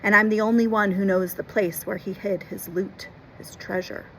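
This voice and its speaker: A gruff, failing old sea captain who growls his warnings low and urgent, as a woman reading a storybook puts him on. The voice sits at an everyday middle pitch. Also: steady tone, moderate pace, a bit bright, slight background noise, natural voice, rough recording.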